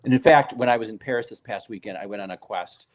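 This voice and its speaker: A man chatting as a guest on a video call, telling lively stories with lots of fillers and laughter. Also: fairly low pitch, fast talker. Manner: animated storyteller, many fillers, laughs often. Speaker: guest, food writer and baker. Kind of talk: casual chat.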